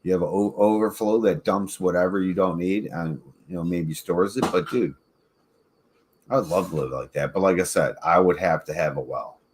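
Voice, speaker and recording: A man's voice: low-pitched, moderate pace, a little mellow, slight background noise. A man hosting a casual chat, rambling, swearing freely and laughing often. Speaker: podcast host.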